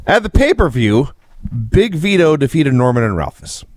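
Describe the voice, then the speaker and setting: A male podcast co-host who recaps with wry, sarcastic asides. His pitch is middling but moves a lot. Recorded dry and close. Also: very animated, normal speed, a little mellow, no echo. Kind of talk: casual podcast chat.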